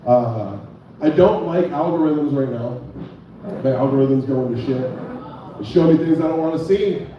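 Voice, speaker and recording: A man's voice: mid-range voice, normal speed, heavy reverb, far from the mic, muffled recording, background noise. A young man hosting a bar comedy night and doing stand-up, loose and joking, chatting with the crowd. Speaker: comedy show host and stand-up comic.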